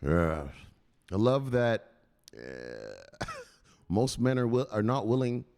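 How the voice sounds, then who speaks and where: A man's voice: medium pitch, big pitch swings, slow, creaky, a little mellow. A man hosting a crypto news show, talking casually, joking, swearing and laughing often. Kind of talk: casual vlog commentary.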